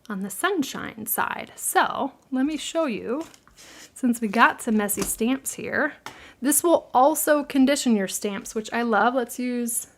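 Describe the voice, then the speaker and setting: A middle-aged Midwestern American woman with a somewhat high voice hosts a live craft tutorial. She chats warmly, laughs easily, and answers questions from viewers.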